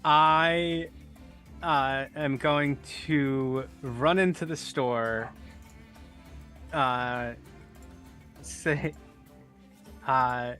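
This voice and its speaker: Man, tabletop player, slow hesitant speech, bright voice. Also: medium pitch, fairly even intonation, soft background music. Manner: hesitant, many fillers. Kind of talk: casual tabletop play.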